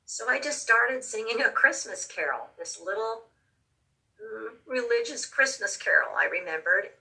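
Woman, very bright voice, halting emotional storytelling, a bit off-mic. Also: fairly high pitch, expressive, creaky, distant mic, low-quality recording. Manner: halting, repeats words, emotional. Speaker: storyteller recounting a near-death experience. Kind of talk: personal storytelling.

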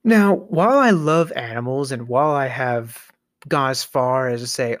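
A man delivering a scripted comedic rant, exasperated and sarcastic, sometimes dropping to a hushed whisper for emphasis. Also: mid-range voice, normal speed, no room sound, clean studio sound. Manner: exasperated, sarcastic ranting with mock disbelief. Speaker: comedic monologue host.

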